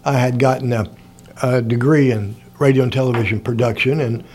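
A man's voice: mid-range voice, fairly even intonation, brisk, a little mellow, slight background noise. An older man from Indiana, telling stories from his life in a rambling, casual way and chuckling often. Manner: rambling, chuckles often, acts out quoted people. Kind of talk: casual storytelling.

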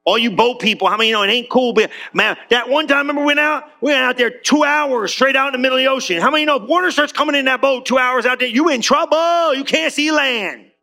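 A man preaching a sermon in a church, animated and conversational, with casual slang and questions thrown to the crowd. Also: extremely high pitch, fast talker, vocal fry, hardly any pauses. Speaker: pastor.

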